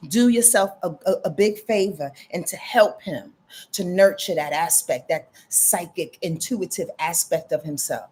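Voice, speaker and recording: A woman's voice: lowish voice, a little slow, darkish tone, slightly rough. A woman astrologer giving casual live readings, talking straight to her viewers with lots of "y'all" and "you dig?".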